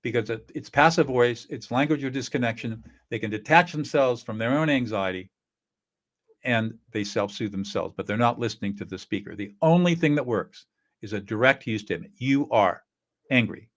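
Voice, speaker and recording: A man's voice: mid-range voice, animated, a little fast. A middle-aged man teaches in an earnest, coaching way and acts out short example dialogues. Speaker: conflict-resolution teacher. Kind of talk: instructional talk.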